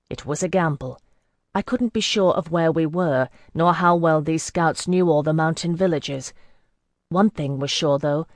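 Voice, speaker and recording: Steady fantasy audiobook narrator. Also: medium pitch, dry recording, clean studio sound.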